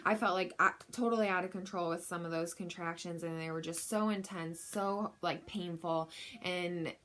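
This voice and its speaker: A woman's voice: on the low side, fairly even intonation, moderate pace, a bit bright. A young woman telling a personal story in a frank, chatty way, with lots of fillers. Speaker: vlogger.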